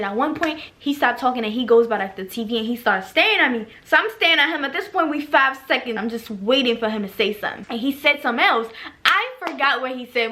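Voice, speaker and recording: A woman's voice: high voice, bright, forceful tone. A young woman from Africa in her twenties telling a dramatic story for her vlog, sassy and profane, acting out every line. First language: an African language. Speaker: storytime vlogger.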